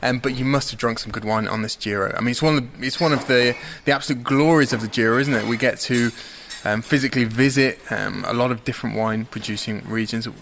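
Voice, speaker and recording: A man's voice: mid-range voice, fairly even intonation, quick pace, hardly any pauses, fairly bright tone. Chatty guy hosting a podcast, teasing, faint hiss and clicks. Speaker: podcast host. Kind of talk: casual chat.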